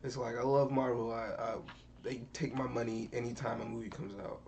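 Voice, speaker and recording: A young man streaming from his computer, ranting in an animated, profane, skeptical way, full of restarts. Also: mid-range voice, a little fast, a crowd in the background. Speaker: streamer reacting to movie news. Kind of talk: casual rant on stream.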